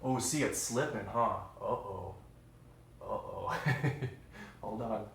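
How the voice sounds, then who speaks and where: Chatty man, live-stream host, mid pitch, roomy kitchen echo. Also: measured pace, a little hiss or hum. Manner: upbeat, chatty, says "y'all" a lot. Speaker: livestream host. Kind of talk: casual live-stream chat. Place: home kitchen.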